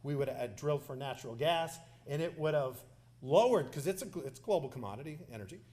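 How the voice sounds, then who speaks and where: A man's voice: fairly high pitch, expressive, brisk, warm tone, lightly acted. A man doing an impression of a brash former male president who speaks in boastful, repetitive superlatives.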